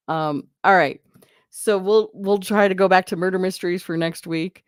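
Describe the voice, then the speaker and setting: A woman's voice: lowish voice, animated, a little slow, pauses often, dry recording, clean studio sound. A woman hosting a live stream, chatting casually and answering viewer comments in a rambling way, often breaking off and laughing.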